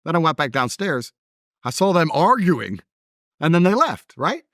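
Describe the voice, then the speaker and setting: A man's voice: fairly high pitch, big pitch swings, moderate pace, a bit bright, no room sound, studio quality. A man in a casual conversation, telling stories in a blunt, emphatic way.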